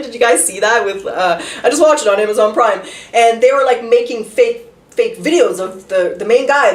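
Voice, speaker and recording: A woman giving a casual tarot reading, talking chattily with lots of rhetorical questions and the odd swear word. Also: mid-range voice. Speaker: tarot reader. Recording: roomy echo, voice a bit far from the mic.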